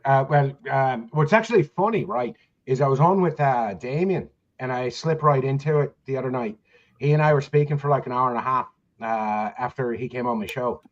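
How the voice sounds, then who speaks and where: A man chatting as a podcast host, blunt and joking, swearing without a second thought. His audio comes through dull and a bit lo-fi. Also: medium pitch. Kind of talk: casual chat.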